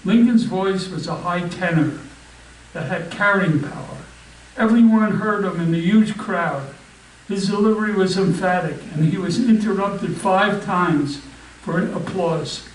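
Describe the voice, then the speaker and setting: A man giving a slow, deliberate reading of a famous speech and then a history talk, stumbling and restarting now and then. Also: sits high, a little hiss or hum. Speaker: history club speaker. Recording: roomy, distant mic with faint background ambience.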